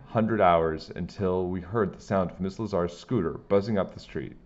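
A man reading a children's chapter book aloud with plain, steady storytelling. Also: low voice, moderate pace, few pauses, highs cut off.

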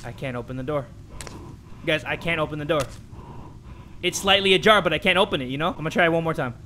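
A young man commentating a horror game, excitable and jokey, dropping to a hush and then shouting. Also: on the high side, fast talker, slight background noise. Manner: excitable, jokey, swings between hushed and shouting. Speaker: gaming commentator.

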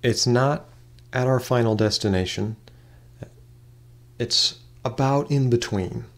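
A man's voice: mid-range voice, slow. A man doing a breezy, evasive woman musician. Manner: breezy, evasive, calls people honey. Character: laid-back secretive woman ukulele player.

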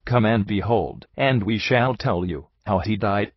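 A man voicing an excitable middle-aged French detective who talks in quick, eager exclamations, with a husky voice. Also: fairly low pitch, no echo, lo-fi sound. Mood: commanding.

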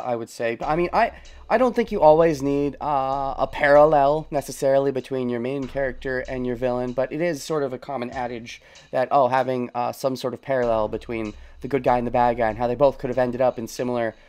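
A man's voice: mid-range voice, fairly quick, a little mellow. A man hosting a let's play, thinking aloud about a story and chuckling often as he comments casually.

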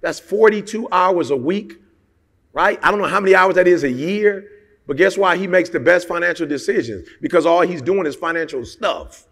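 A man's voice: high-pitched, normal speed, a bit bright, in a large hall. A man giving a motivational talk, emphatic and colloquial, firing off rhetorical questions. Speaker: motivational speaker.

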